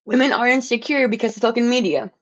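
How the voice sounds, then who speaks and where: A woman's voice: on the high side, fast talker, dull audio. A woman livestreaming an angry, profane rant, stumbling and restarting words as she gets heated.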